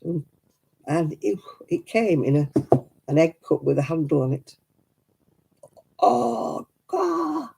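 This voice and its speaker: A woman's voice: sits low, wildly swooping pitch, slow pace, gravelly, long pauses, warm tone, slightly rough, low-quality recording. A middle-aged woman chatting casually at home while she crafts. She tells stories and laughs often. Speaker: craft vlogger.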